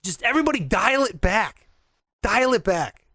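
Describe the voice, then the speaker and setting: Animated young man hosting a podcast. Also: high voice, moderate pace, no echo, clean studio sound. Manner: loose, swearing, laughing, animated. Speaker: podcast host. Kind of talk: casual comedic chat.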